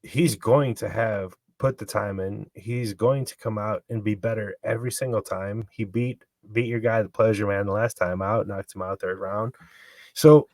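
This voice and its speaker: A man co-hosting a casual podcast, weighing fight picks in a measured, analytical way. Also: fairly low pitch, dry recording. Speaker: podcast co-host. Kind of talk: casual sports betting chat.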